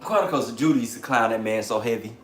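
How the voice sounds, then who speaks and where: A man hosting a livestream in casual chat, animated, slangy and profane, laughing often. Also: medium pitch, fast, echoey room, a little hiss or hum. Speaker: channel host on a livestream.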